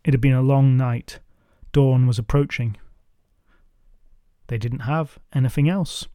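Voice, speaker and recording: Male podcast narrator, myth retelling, wry and chatty, mellow tone, dry close mic. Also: medium pitch, unhurried, no room sound. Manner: wry, conversational, does character voices. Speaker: podcast storyteller.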